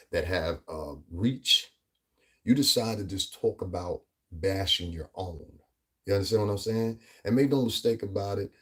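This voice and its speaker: A man with a New York-area accent holds forth in a casual commentary vlog, rambling and emphatic. His voice sits low and sounds a little husky. He keeps checking in with asides like "you know what I mean". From US Northeast tri-state area. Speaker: vlogger.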